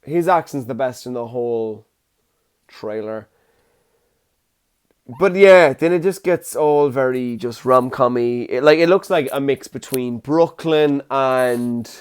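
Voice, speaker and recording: A man's voice: mid-range voice, darkish tone, smooth. A young man hosting a casual, rambling solo podcast alone in his room, recorded on his phone. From Ireland. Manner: jokey, rambling, self-deprecating. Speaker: podcast host.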